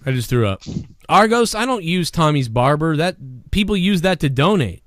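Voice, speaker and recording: A man hosting a live-streamed talk show, ranting profanely and swinging between a low grumble and loud shouting. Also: very animated, moderate pace, dry recording, clean studio sound. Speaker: podcast host.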